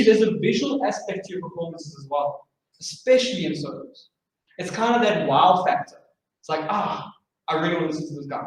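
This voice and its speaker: A man with a high voice leads a live drumming class, encouraging the players and chanting rhythms aloud. He is picked up from a distance in a very echoey room. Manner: encouraging, sings out rhythms with vocables. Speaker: drumming instructor. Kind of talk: live masterclass teaching. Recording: far-off mic, very echoey room, faint noise.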